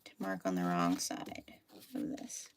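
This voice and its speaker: A woman's voice: extremely low pitch, completely flat delivery, unhurried, slight background noise. A woman hosting a live sewing tutorial, chatting casually with lots of fillers and thinking aloud as she works. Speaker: sewing teacher hosting a live sew-along.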